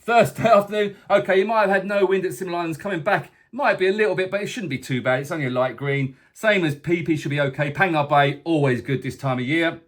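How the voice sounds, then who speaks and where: A man's voice: fairly high pitch, fast, hardly any pauses. A man presenting a casual weekly weather forecast vlog for a boat tour company, chatty and full of jokey asides. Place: indoors, away from the tour base.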